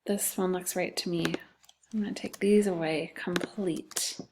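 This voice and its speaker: A woman's voice: lowish voice, steady tone, a little slow, creaky, darkish tone, a little hiss or hum. A woman teacher giving a phonics lesson to second graders, patient and sounding out letters and syllables.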